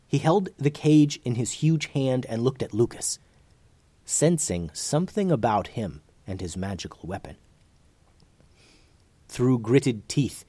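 Animated male storybook narrator. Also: mid-range voice, no echo.

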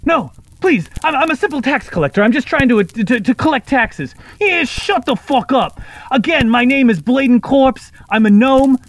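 A man voicing a kenku, a bird-like creature that loudly replays the voices it has heard, in a comedy tabletop game. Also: animated, moderate pace, no room sound. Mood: pleading. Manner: shrill, shouted mimicry.

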